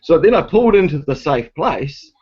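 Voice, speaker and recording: A man's voice: fairly high pitch, big pitch swings, normal speed, husky. A man telling a long story in a ranting, argumentative way, swearing heavily. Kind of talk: casual storytelling. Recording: dull lo-fi recording.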